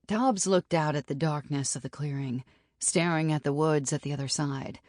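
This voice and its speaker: A woman narrating an audiobook in a steady, even reading. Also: deep voice, normal speed, no room sound. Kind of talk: scripted narration. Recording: dry studio audiobook.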